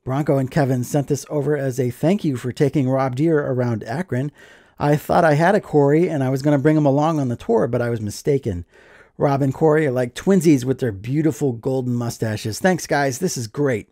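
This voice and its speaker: A man's voice: mid-range voice, a little fast, mellow, no echo, studio quality. A man chatting casually as he opens mail, enthusiastic and joking. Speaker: card collecting vlogger. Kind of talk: casual mail opening chat.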